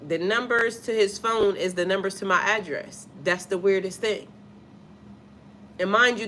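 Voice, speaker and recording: A woman's voice: medium pitch, a bit bright, slight background noise. A woman who is a spiritual life coach talks bluntly and with lots of swearing in a casual live stream, stopping to read out comments from viewers. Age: adult with a child. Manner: blunt, profane, emphatic.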